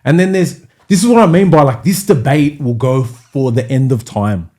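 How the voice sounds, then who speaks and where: A young Australian man with a Sydney accent, telling stories on a podcast in a casual, animated way, acting out other people's voices with plenty of slang. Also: mid-range voice, moderate pace. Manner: animated storyteller, acts out voices, heavy slang and swearing. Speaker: podcast guest, DJ.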